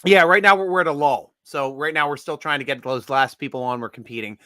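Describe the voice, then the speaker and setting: A man hosting a casual live draft stream, joking and excitable, laughing often. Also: on the high side, fast, no room sound, studio quality.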